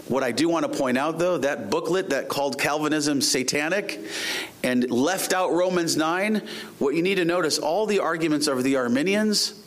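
A middle-aged man preaching from the pulpit, voice set at an ordinary middle pitch for a man. He reads scripture in a measured way, then presses his points with rising, emphatic force. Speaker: pastor. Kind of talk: sermon.

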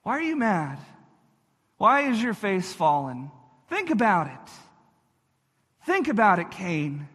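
A patient, fatherly deity asking searching questions, gently insistent, as a preacher speaks for him. The delivery is slow and bright, and it rings out in a reverberant hall. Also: high-pitched, sing-song, breathy edge, full character voice.

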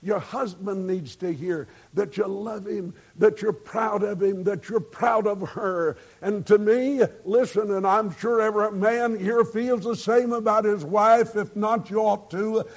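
A man's voice: high-pitched, fairly even intonation, a little slow, hardly any pauses. A man preaching a sermon, telling folksy stories and building to fervent emphasis.

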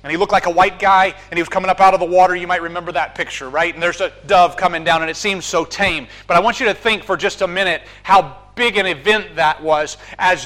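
Man, preacher, high voice, sermon, fervent proclamation. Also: fairly even intonation, fast, few pauses, bright, forceful tone.

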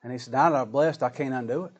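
A man's voice: mid-range voice, very fast, lo-fi sound. A man preaching a sermon in a folksy, dramatic style, with plain colloquial grammar and rising, emphatic lines.

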